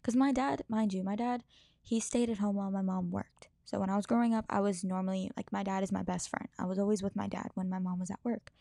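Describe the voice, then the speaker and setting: A woman shares her life story on her own podcast in a frank, loose way, cursing casually and circling back mid-sentence. Her voice is warm and mellow with a gravelly texture. The sound is dry and close, with no room around it. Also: medium pitch, fairly even intonation, quick pace, dry recording. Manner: candid, swears freely, rambling restarts. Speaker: podcast host. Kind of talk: personal storytelling monologue.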